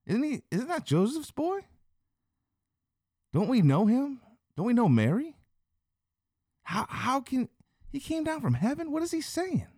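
A man voicing a baffled, gossiping townsman who fires off disbelieving questions in a squeaky voice. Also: huge pitch swings, unhurried, pauses often, dark tone, breathy edge, no echo, clean studio sound, exaggerated voice. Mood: incredulous.

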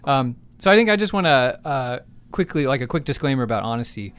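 A man's voice: medium pitch, animated, fast talker, a bit bright, clear, resonant tone. A man from the United States hosting a casual podcast chat, easygoing with dry jokes and plenty of fillers. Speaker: podcast host.

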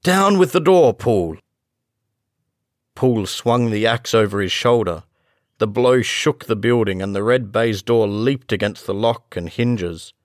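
A man reading a classic gothic story aloud as a narrator, in a slow, measured storytelling manner. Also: on the low side, no echo, clean studio sound. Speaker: audiobook narrator. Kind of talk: scripted narration.

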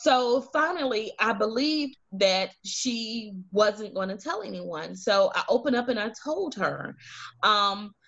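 A woman's voice: medium pitch, animated, slow pace, gravelly, a bit bright. Woman on a lo-fi call. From Alabama, US. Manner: earnest storytelling, acting out quoted voices. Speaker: guest. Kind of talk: personal testimony in an interview. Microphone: video call. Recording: dull lo-fi video call audio.

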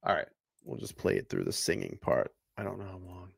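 A man's voice: sits low, big pitch swings, a little fast, gravelly, husky, no room sound, studio quality. A man hosting a livestream casually, reading out donations and introducing clips. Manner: easygoing, reads donations aloud. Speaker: livestream host.

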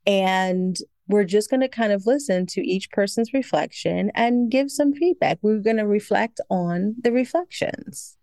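A woman's voice: mid-range voice, measured pace, hardly any pauses, warm tone, no room sound, studio quality. A woman co-hosting a podcast in a casual, bubbly chat, laughing often as she talks. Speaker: podcast co-host.

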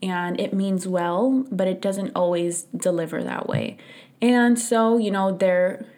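A young adult woman talks alone on her podcast in a casual, candid way. She tells her story with animation and voices her own inner thoughts. Her voice sits at a middle pitch. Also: takes it slowly, darkish tone. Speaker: podcast host. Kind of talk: casual solo podcast talk.

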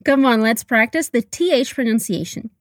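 A woman teaching English, leading slow repeat-after-me drills and coaching pronunciation in a careful, encouraging way. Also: on the high side, no echo, clean studio sound.

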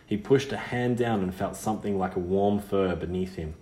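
A man narrating a storybook in a measured, expressive reading. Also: low voice, echoey room. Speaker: audiobook reader.

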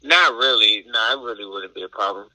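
A man's voice: on the low side, brisk, very noisy. A man calling in to a radio talk show, answering in short, offhand, laid-back replies. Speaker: caller. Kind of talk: call-in conversation. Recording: dry close recording.

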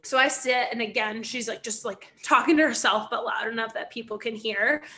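Bright-voiced young woman telling a story. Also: on the high side, normal speed. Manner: animated storytelling with voiced quotes, frequent "like" and swearing. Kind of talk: casual chat.

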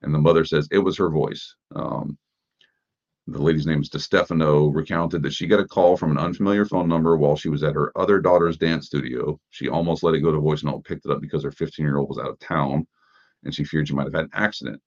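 A man's voice: very deep voice, fairly even intonation, quick pace. A man hosting a podcast, giving casual news commentary in a conversational way, asking rhetorical questions and using plenty of fillers. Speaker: podcast host. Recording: dull lo-fi sound.

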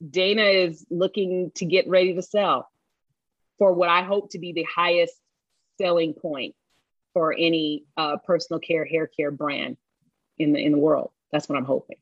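An upbeat woman guest in a podcast interview, talking in a promotional, repetitive way in a fairly low voice. The recording is dry and dull, with a lo-fi tone. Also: steady tone, normal speed, dry recording. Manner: upbeat, promotional, repeats herself. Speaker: guest, salon brand founder.

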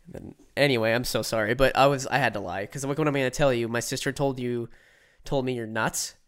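Smooth-voiced young man telling a rambling story. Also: mid-range voice, fast talker. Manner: rambling, peppers sentences with "like" and "right?"; acts out quoted voices while telling stories. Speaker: podcast co-host. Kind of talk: casual storytelling chat.

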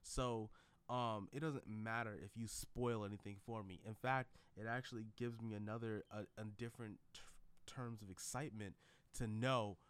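Smooth low-voiced man rambling casually. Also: fairly even intonation, moderate pace. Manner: rambling, frequent fillers and restarts. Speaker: vlogger. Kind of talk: casual commentary vlog.

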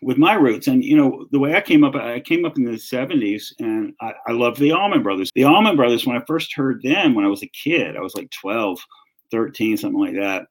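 A man in his fifties from North Carolina with a Southern accent, answering an interview question as an author and music journalist, relaxed and storytelling, often restarting his sentences. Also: medium pitch, fairly quick, poor audio.

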